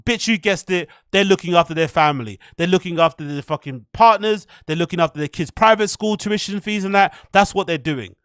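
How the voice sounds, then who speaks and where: A man rants through his commentary, swearing freely and firing off sarcastic rhetorical questions. His voice is high and bright, and it sounds dry and close to the mic. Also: brisk, hardly any pauses, clean tone, no echo. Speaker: host. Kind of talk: ranting commentary on clips.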